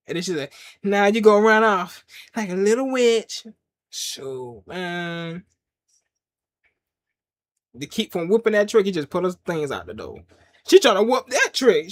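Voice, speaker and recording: A show reviewer casually retelling a scene in slangy talk, laughing often and acting out quotes. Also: medium pitch.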